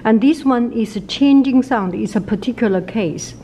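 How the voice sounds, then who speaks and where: A woman with a Chinese accent, a native Chinese speaker, teaching pronunciation in a casual video lesson and repeating sounds many times, slowly and patiently. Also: fairly high pitch, dark tone, a little hiss or hum, poor audio.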